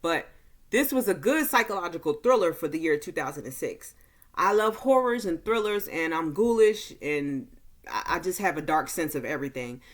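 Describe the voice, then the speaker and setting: Slow, easygoing woman recapping a film. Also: low voice, lively intonation. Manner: slow, easygoing delivery with many fillers. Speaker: movie reviewer. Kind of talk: casual film recap and review.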